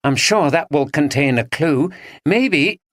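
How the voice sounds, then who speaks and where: A woman's voice: sits low, expressive, slow, dry recording, voice pushed up. A man reading an audiobook, voicing a playful young woman who giggles. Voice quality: giggly, bright.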